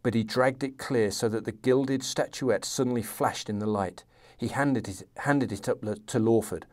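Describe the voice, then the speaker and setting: A man's voice: medium pitch, normal speed, darkish tone. A man hosting a history podcast, reading aloud from a novel and chatting with enthusiasm. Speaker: podcast host.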